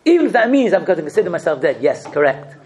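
A man giving a religious sermon, asking rhetorical questions and telling stories with expressive delivery. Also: on the high side, quick pace. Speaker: rabbi giving a talk.

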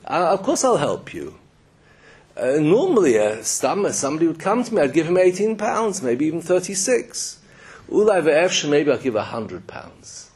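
A man voicing a wealthy man who speaks in a measured, condescending way. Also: on the high side, very animated, a little mellow, slightly rough. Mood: patronizing. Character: rich man, calm and patronizing.

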